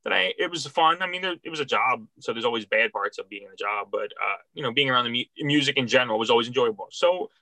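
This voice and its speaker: A man's voice: medium pitch, lively intonation, quick pace, few pauses, sharp tone, no room sound. A middle-aged man from Philadelphia, a record store worker, tells stories in a rambling, heartfelt way with many restarts. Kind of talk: casual interview storytelling.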